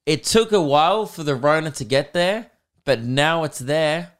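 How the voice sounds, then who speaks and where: Smooth-voiced Australian man in his twenties. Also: a little high, animated, measured pace. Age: 20s. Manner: laid-back, self-mocking storytelling. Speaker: podcast host. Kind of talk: casual chat.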